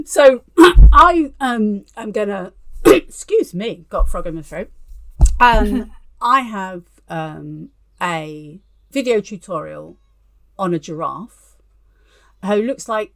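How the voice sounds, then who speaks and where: A woman's voice: lowish voice, animated, slow, vocal fry, long pauses, a little hiss or hum. A woman from London co-hosting a casual crafting chat over a video call, chatty and self-deprecating, laughing often. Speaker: co-host, fibre artist.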